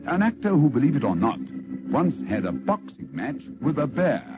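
A man's voice: mid-range voice, big pitch swings, normal speed, loud music behind the voice. A man telling a story in scripted radio narration, dramatic and theatrical, on a lo-fi old radio recording.

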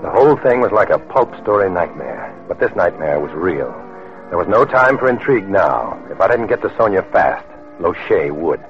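An actor playing an undercover agent who narrates a 1950s radio drama in a brisk, earnest way. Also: male voice, deep voice, sing-song, over music. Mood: narrating. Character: wry undercover male agent. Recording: dull lo-fi old radio recording.

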